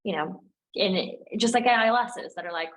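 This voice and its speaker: A young adult woman talks through her ideas in a relaxed interview. She is animated and chatty, and she leans on "like" and "um" as she goes. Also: medium pitch, a little fast, low-quality recording. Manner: animated and chatty, heavy use of "like" and "um". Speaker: guest, operations lead at a tech firm. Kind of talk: casual interview chat.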